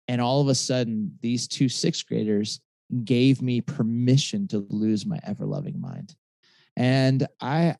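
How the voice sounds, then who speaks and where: A man's voice: mid-range voice, gravelly, dark tone, no room sound. A man in his forties, a pastor and author, telling a personal story in a conversational interview, with many restarts and fillers. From Michigan.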